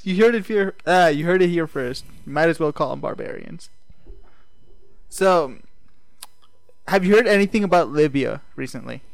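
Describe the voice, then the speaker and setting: A man's voice: on the high side, expressive, moderate pace, gravelly, long pauses, no echo. Young guy cohost, teasing and wry, dry close mic. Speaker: podcast co-host. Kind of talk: casual chat.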